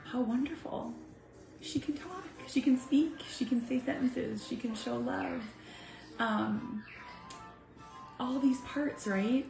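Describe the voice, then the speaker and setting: A woman in her thirties, a mother talking heartfelt and earnest to her viewers, swinging from soft to emphatic. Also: high voice, slow pace, creaky, pauses often. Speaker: vlogger, mother. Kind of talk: heartfelt casual talk to camera. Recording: echoey room with faint music.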